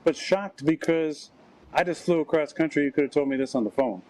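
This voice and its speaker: A man's voice: a little high, fairly quick, a little mellow, rough recording. A man telling a story on a talk show, wryly acting out the dialogue he quotes. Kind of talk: anecdotal storytelling.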